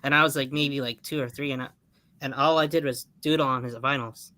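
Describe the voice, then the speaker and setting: Sharp-toned laid-back man, dry close sound. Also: mid-range voice, fairly even intonation, fairly quick, dry recording. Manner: laid-back, self-deprecating anecdotes. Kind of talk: casual live-stream chat.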